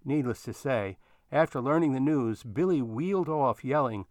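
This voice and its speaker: A man narrating a story in an expressive storytelling manner. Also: medium pitch, normal speed, no room sound, studio quality.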